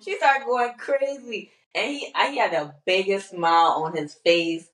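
A young woman, co-hosting a casual chat and telling animated, slangy stories. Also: lowish voice, a little slow. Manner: animated storytelling, slangy, acts out quotes. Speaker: podcast co-host. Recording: echoey room, voice off-mic.

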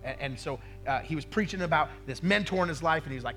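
During a sermon, a male pastor tells a personal story and acts out the voices of the people in it with lively quotes. He often checks in with the room through quick "right?" asides. His voice is high, and soft music plays faintly underneath.

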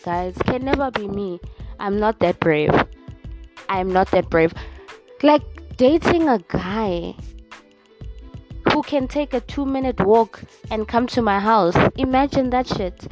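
A young South African woman hosts a solo podcast, ranting casually in a blunt, sassy way with lots of swearing. Her voice sits a little high with a darkish tone.

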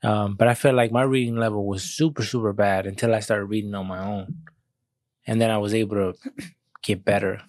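Lowish-voiced young American man, questioning. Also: fairly even intonation, darkish tone, dry recording. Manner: questioning, reads aloud haltingly. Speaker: podcast co-host. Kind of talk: casual podcast chat.

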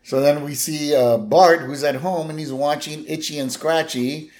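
A man's voice: on the high side, fairly even intonation, normal speed, darkish tone. A man co-hosting a podcast, casually retelling an episode scene by scene. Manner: easygoing, narrates scene by scene. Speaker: podcast co-host. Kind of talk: casual episode recap chat.

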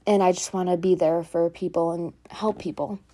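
A young woman with a mellow, warm voice talks earnestly at home, rambling a little and leaning on fillers. She sounds like a teenager sharing personal advice in an easygoing podcast chat. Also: on the low side, steady tone, moderate pace. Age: teens. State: out of breath. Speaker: podcast host. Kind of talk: casual personal talk.

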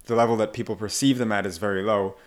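A man's voice: lowish voice, fast talker. A man who works as an accent coach, talking casually in an interview and acting out the voices of people he quotes. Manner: animated, acts out quoted voices.

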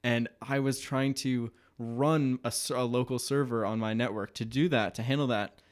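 A man's voice: mid-range voice, steady tone, normal speed. Teen guy going on about his tech project, mid voice, joking. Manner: joking, then explaining tech at length. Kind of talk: casual chat.

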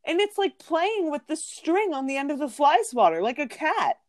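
A woman co-hosting a podcast who tells family stories in a casual, animated way, full of "like", and often acts out the other people's voices. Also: sits high, moderate pace, dry recording. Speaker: podcast co-host. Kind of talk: casual storytelling chat.

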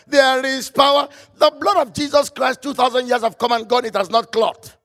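A man preaching a fervent sermon, quoting scripture in old-style phrasing and breaking into shouts. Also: very high-pitched, fairly even intonation, normal speed, faint music behind.

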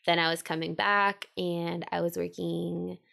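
A woman in her twenties co-hosts a podcast, telling her story in a casual, slangy, animated way. Her voice is lowish, unhurried, and gravelly, and she acts out the voices of people she quotes.

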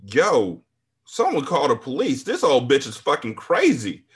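A man voicing an outraged club manager who yells bluntly in a storybook reading. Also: medium pitch, huge pitch swings, a little slow, voice pushed up. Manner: shouting, indignant.

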